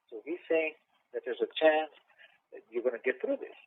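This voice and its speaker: A man's voice: on the high side, moderate pace, breathy edge. Profane, storytelling middle-aged man on a tinny line. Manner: profane, emotional storytelling with many restarts and repeated "man". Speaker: former boxer and cornerman, interview guest. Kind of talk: casual storytelling interview. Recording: tinny phone-like dry sound.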